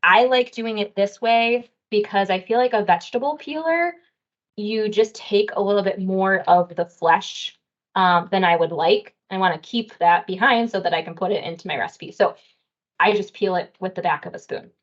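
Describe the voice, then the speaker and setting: A woman's voice: medium pitch, moderate pace, muffled recording. A woman dietitian teaching a cooking class, explaining each step in a casual, friendly way with a few fillers.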